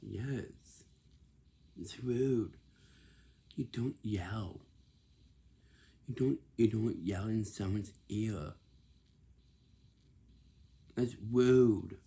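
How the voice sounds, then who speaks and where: Offering casual advice, a young man with a warm, lowish voice speaks haltingly, frequently starting over and occasionally lowering his voice to a whisper.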